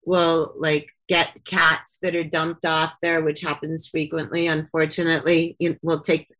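A woman's voice: sits low, level tone, a little slow, a bit bright, rough recording. A woman chatting casually as a guest, telling stories in a rambling way with lots of fillers and restarts. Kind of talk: casual chat.

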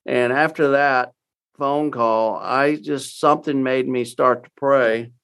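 An older man from Texas, a guest in an interview, telling his story in a folksy, halting way with many fillers and restarts. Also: mid-range voice, steady tone, a bit bright, clear, resonant tone.

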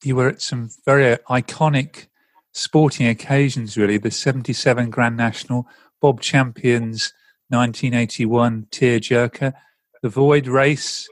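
A man's voice: mid-range voice, steady tone, unhurried, dry recording, studio quality. A man hosting an interview, putting brief prompts and questions to his guest. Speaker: podcast host.

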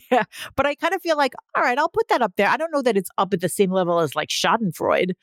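A woman co-hosting a podcast in casual chat, chatty and laughing often, with animated asides. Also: on the high side, quick pace, no room sound, clean studio sound. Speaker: podcast co-host.

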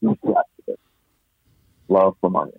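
Guest announcer, male, from East Texas: low voice, rambling folksy storyteller, heard on a dry phone call. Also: huge pitch swings, creaky, slightly rough, dry recording. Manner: folksy, unhurried storyteller with many restarts. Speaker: baseball play-by-play announcer, guest. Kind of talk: storytelling interview chat. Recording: dry tinny phone-line sound.

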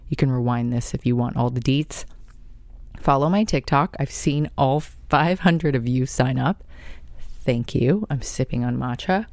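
A woman's voice: rumbling low, a little slow, a little mellow, dry recording. A woman hosting her own podcast, talking in a gushing, chatty and effusive way. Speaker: podcast host. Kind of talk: casual monologue.

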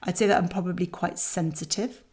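A middle-aged woman, coaching parents in a chatty, candid way with lively asides. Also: fairly low pitch, brisk, breathy edge. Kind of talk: talking to parents about a child exercise.

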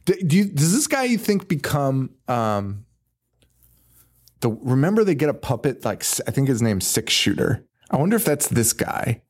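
A man's voice: mid-range voice, sing-song, a little mellow. Profane young man recapping a movie. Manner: profane, rambling, retells scenes with quick put-on quotes. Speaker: podcast co-host. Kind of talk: casual movie recap chat.

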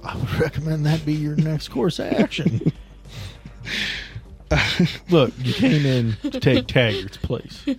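A man's voice: a little high, sing-song, a little slow, pauses often, a little mellow, faint music behind. A man playing a tabletop game, speaking in character with wry jokes. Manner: wry, joking. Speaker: player. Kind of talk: in-character tabletop role-play.

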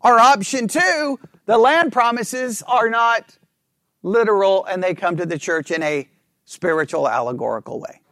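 High-voiced man teaching a Bible class. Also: lively intonation, a bit bright, no echo, studio quality. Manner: reads scripture slowly, questions the class often.

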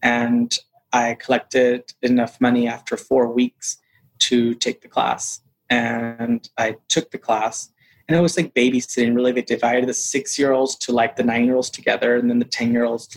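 A man telling a personal story in a casual interview, acting out quoted voices with lively shifts. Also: husky. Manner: animated, acts out quotes in a higher voice. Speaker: interview guest.

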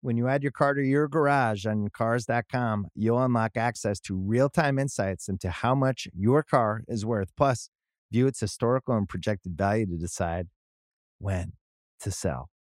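A man reading an advertisement in a smooth, steady announcer delivery. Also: on the low side, moderate pace, no echo, clean studio sound. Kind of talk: read advertisement.

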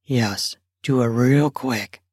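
A woman voicing a grown husband who coaxes and reassures his wife in a low, soft voice, in improvised erotic storytelling. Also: slow, breathy edge, dry recording, studio quality, exaggerated voice. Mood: coaxing. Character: husband Jasper, a coaxing, reassuring grown man.

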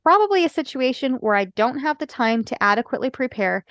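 Woman, podcaster and life coach, earnest and explanatory, slightly high voice, dry close recording. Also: lively intonation, fast talker, a bit bright, dry recording. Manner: earnest, explanatory, frequent "right?" asides. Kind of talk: solo podcast talk.

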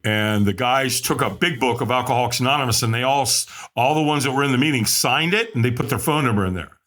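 A middle-aged man, a podcast guest, telling his own story candidly and animatedly, acting out the voices of people he quotes. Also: fast talker. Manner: animated, acts out quoted voices with big pitch jumps.

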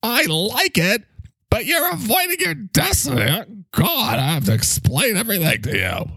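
A man's voice: sits high, huge pitch swings, a little slow, creaky, pushed and bright, breathy edge, dry recording, voice pushed up, exaggerated voice. A man voicing a talking microphone, a dramatic and self-pitying co-host who lectures him. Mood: lecturing.

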